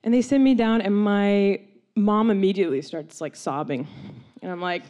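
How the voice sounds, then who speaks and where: A young woman telling a long personal story, animated and laughing often, with many "like"s and quoted voices. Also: mid-range voice, moderate pace, clear, resonant tone.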